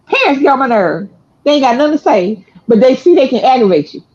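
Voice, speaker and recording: A high-pitched woman tells a family story in loose, slangy chat. She acts out the quotes and laughs a lot. The audio sounds dull and lo-fi. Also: fast talker. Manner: animated, laughing, slangy delivery with acted-out quotes. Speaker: storyteller, channel co-host.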